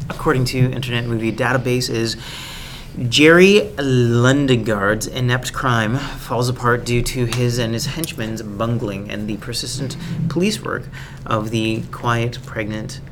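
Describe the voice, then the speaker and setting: A man on a casual movie podcast who talks haltingly and stumbles while reading a summary aloud. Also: mid-range voice. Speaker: podcast co-host. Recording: loud noise in podcast recording.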